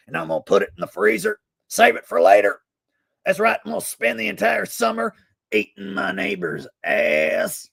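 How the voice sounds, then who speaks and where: A man impersonating a bombastic male talk-show host, cutting a loud, blustering promo-style rant. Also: fairly high pitch, gravelly, slightly rough, no echo, pitched above the performer's own voice, heavily acted.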